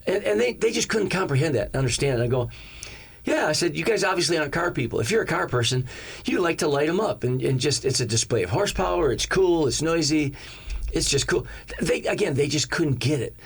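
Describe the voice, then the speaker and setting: A man preaching as a pastor, telling a personal story in a lively way and acting out the lines of each person in it. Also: fairly high pitch, brisk, creaky, breathy edge. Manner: animated, acts out each character's lines in the story. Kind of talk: storytelling sermon.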